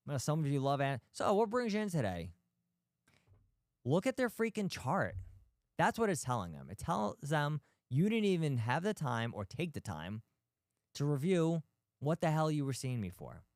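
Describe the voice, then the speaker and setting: Male host, medium pitch, smooth and crisp, dry close sound, blunt and emphatic delivery. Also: sing-song, moderate pace, no echo. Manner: blunt, emphatic, rhetorical questions, mild swearing. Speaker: podcast host, physical therapist. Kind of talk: animated talk to practice owners.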